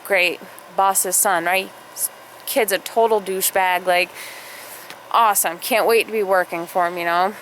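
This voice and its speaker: A woman's voice: mid-range voice, steady tone, measured pace, fairly bright tone, a little hiss or hum, poor audio. A young woman vlogger telling a rambling story in casual chat, full of fillers. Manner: rambling, filler-heavy, acts out quotes.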